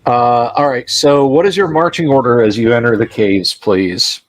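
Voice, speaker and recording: A man narrating a tabletop game as game master, describing scenes deliberately with some restarts. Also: medium pitch.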